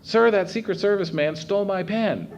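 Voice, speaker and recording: A man voicing a pushy, eager middle-aged male autograph hunter who calls out loudly. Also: sits high, normal speed, a little hiss or hum, pitched above the performer's own voice.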